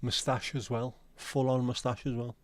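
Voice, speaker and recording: A man's voice: medium pitch, flat delivery, normal speed, slight background noise. A man hosting a live stream, chatting casually and teasing his viewers as he reads and answers their comments. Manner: friendly, teasing banter with viewers. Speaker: livestream host.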